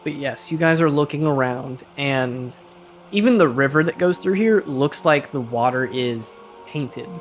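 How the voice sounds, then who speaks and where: A man's voice: mid-range voice, expressive, measured pace, a little hiss or hum. A man running a tabletop game as game master, describing scenes casually with lots of fillers.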